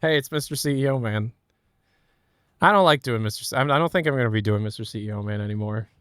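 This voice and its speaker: A man's voice: mid-range voice, fast, fairly bright tone, clear, resonant tone, dry recording, studio quality. A man streaming from home, chatting casually, joking and laughing at his own bits. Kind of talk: casual chat.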